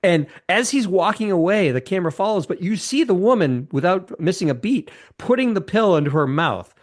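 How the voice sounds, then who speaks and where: This podcast co-host is a man in his fifties with a high, lively voice and a fairly quick delivery. Chatting casually about films, he recounts scenes with gusto, wandering off and starting sentences over.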